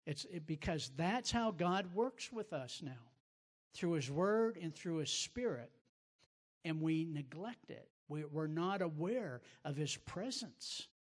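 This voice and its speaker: Male host-preacher, slightly high pitch, emphatic teaching delivery, reverberant sound. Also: expressive, slow. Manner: emphatic, repeats words as he builds a point. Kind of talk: sermon-like teaching.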